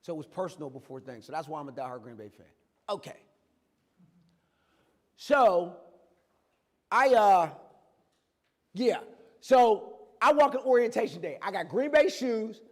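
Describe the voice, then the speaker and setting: A man with a strikingly high voice tells his own story as a guest speaker, loose and conversational. He slips into bits of dialogue as he talks. His voice rings out with a long reverb tail from a large hall. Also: measured pace, long pauses. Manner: lively, conversational, acts out dialogue. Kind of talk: motivational personal storytelling talk. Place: campus event hall.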